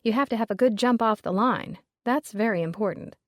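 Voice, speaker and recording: A woman voicing a shrewd middle-aged mother who coaches her daughter in a brisk, urgent way. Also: on the high side, no room sound, studio quality, close to an everyday voice.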